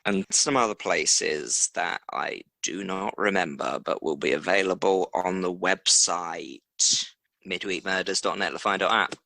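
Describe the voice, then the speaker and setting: Man, very low, gravelly, slow, deadpan podcast co-host, dry close mic. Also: no echo, poor audio. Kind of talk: casual chat.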